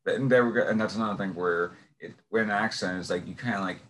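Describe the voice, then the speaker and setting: A man's voice: on the low side, fast talker, a bit bright. A man with a Brooklyn accent talking casually, rambling and searching for words with lots of fillers. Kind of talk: casual chat.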